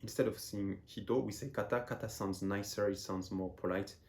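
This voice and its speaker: A man from France with a fairly low voice teaching a beginner class. He explains patiently and circles back over his phrases as he works through each point. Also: steady tone, a little fast, a little mellow. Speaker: Japanese teacher. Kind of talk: explaining lesson.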